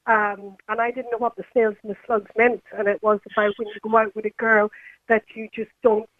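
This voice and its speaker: A woman's voice: medium pitch, little pitch movement, a little fast, no room sound. A woman with a Northern Irish accent calling a radio show from home, talking in an easygoing, chatty way. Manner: easygoing, talkative. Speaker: caller. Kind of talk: casual phone-in chat. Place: home by the sea. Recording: tinny phone line.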